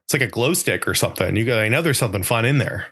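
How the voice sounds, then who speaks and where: A young man co-hosting a podcast in casual chat, joking and laughing often and acting out quoted lines in a higher voice. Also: lively intonation, rapid-fire, fairly bright tone, husky. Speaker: podcast co-host.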